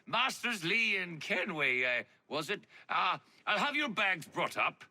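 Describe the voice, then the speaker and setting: An actor with a Scottish accent playing a flustered, stammering tavern keeper in a video game. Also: male voice, high-pitched, sing-song, measured pace, sharp tone, exaggerated voice. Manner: stammering, nervous.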